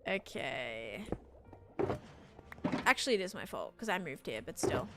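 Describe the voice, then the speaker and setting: A young woman from Australia with an Australian American accent, casually chatting on a gaming stream while answering chat and describing what she builds. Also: low-pitched. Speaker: live streamer. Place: home room with her PC.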